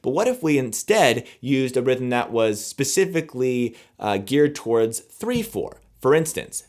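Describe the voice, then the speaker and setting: Man, music lesson, relaxed explaining, counts aloud, scat-sings rhythms. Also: medium pitch, unhurried, hardly any pauses. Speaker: music teacher.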